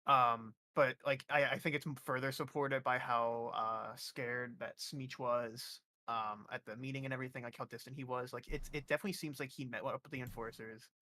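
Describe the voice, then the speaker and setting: A stream co-host with a bright, forceful voice, talking casually and rambling as they work through an idea. They stop and restart often along the way. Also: medium pitch, fairly even intonation, a little fast, hardly any pauses, a little hiss or hum. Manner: rambling, hesitant, many restarts and fillers. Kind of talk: casual reaction chat.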